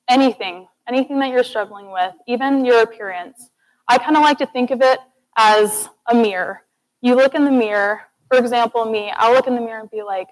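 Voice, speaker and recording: Young woman, student presenter, warm and earnest, lightly high-pitched voice, rallying the audience. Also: rough recording. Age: young adult. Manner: earnest, encouraging, addresses audience as "guys". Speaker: student speaker. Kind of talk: TED-style presentation. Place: classroom or lecture hall.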